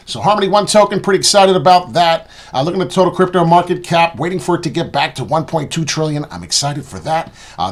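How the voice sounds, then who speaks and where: A man hosting a crypto trading channel, giving casual chart commentary in a boastful, rambling, animated way. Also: on the high side, breathy edge.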